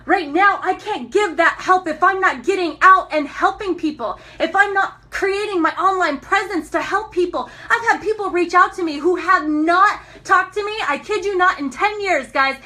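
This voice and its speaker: A young woman from Montana giving an energetic motivational talk on a live stream, laughing often and calling out to her viewers. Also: very high voice. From Montana, USA. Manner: enthusiastic, laughs often, talks to viewers as guys.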